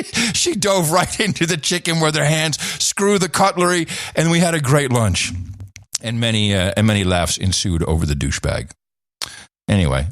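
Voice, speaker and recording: A middle-aged man co-hosting a podcast, telling stories in lively casual chat with many restarts. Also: mid-range voice, no room sound, clean studio sound. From Netherlands. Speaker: podcast co-host.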